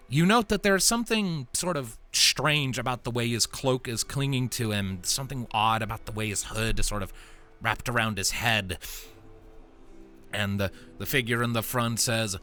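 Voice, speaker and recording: A man's voice: mid-range voice, bright, forceful tone. A man narrating as game master of a tabletop role-playing game, describing scenes in a loose, meandering way.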